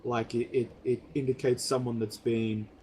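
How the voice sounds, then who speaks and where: A man's voice: mid-range voice, little pitch movement, normal speed, darkish tone, a little hiss or hum. A man running a tabletop game as game master, narrating with lots of fillers and self-corrections.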